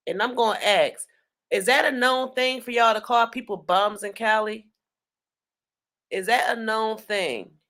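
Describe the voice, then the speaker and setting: Sassy reaction host teasing the clip, bright voice. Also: medium pitch, a little slow. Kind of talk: casual reaction commentary.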